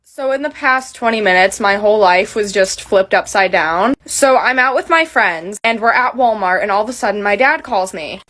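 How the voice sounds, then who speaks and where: A woman's voice: on the high side, fairly bright tone, a little hiss or hum. A teenage girl telling a story in a casual, rambling way, full of "like" fillers.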